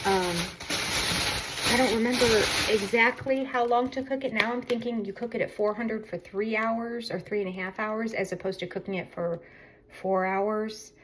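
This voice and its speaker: A woman's voice: medium pitch, fairly even intonation, moderate pace, a little hiss or hum, poor audio. A middle-aged woman chatting casually in a vlog, telling a rambling story and correcting herself as she goes. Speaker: vlogger. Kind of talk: casual chat.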